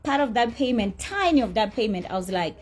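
Husky, blunt woman. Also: a little high, expressive, brisk, darkish tone. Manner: blunt, profane, indignant. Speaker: socialite telling her side. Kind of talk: heated storytelling rant.

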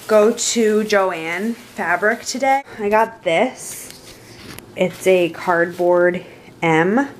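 A woman's voice: on the low side, a little hiss or hum. Chatty American young woman vlogging. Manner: chatty, rambling, easygoing. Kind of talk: casual chat to camera. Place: her bedroom at night.

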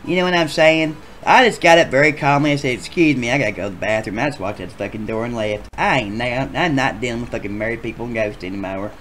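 A performer voicing a foul-mouthed male storyteller who rambles through a tale, dropping low and muttering, then shouting in outrage. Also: fast, few pauses, lightly acted. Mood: grumbling. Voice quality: profane, swings from mumbling to shouting. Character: crude rambling male storyteller, easily riled. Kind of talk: comedic storytelling in a Sims machinima game show.

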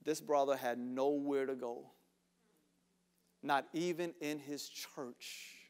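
A man pastor preaching a sermon, dropping to hushed whispers and rising to shouts, repeating words for emphasis. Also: mid-range voice, fairly even intonation, slow, smooth. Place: church sanctuary.

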